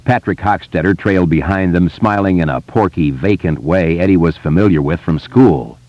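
Low-voiced guy reading an audiobook, lots of pitch movement, dry sound. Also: normal speed, dry recording. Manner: expressive, dramatic. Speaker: narrator. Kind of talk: audiobook narration. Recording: slightly muffled dry studio.

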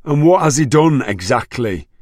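A male narrator voicing a furious middle-aged farm mother who shouts shrilly. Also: rumbling low, big pitch swings, normal speed, slightly rough, dry recording, clean studio sound, full character voice.

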